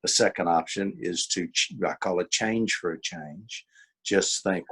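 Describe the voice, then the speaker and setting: Low husky man teaching emphatically. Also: normal speed, fairly bright tone. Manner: emphatic, repeats key points, acts out quoted dialogue. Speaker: workshop presenter and author. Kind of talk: informal teaching talk.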